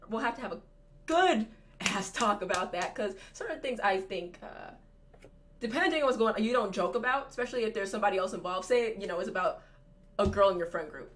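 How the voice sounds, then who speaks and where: A woman's voice: medium pitch, animated, brisk, slight background noise. A woman co-hosting a podcast in casual chat, thinking aloud in a rambling way with many fillers. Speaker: podcast co-host.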